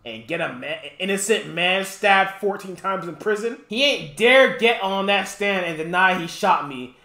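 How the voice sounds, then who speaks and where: A streamer reacts live, swinging his pitch wildly as he rants and swears at what he reads. His voice carries a noticeable echo, as if the room is bare. He keeps turning to address his chat directly. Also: normal speed. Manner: animated profane ranting, talks to chat. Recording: roomy echo.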